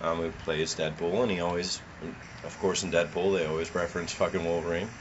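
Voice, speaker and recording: A man guesting on a casual podcast from home, rambling in a crude, animated way. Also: low voice, brisk, lo-fi sound, noisy background.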